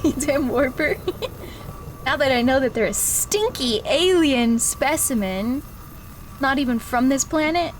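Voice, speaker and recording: A woman's voice: high voice, animated, measured pace, a little hiss or hum. A woman streaming a game, chatting casually and laughing constantly, breaking into shrieks when startled. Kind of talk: casual live-stream gaming chat.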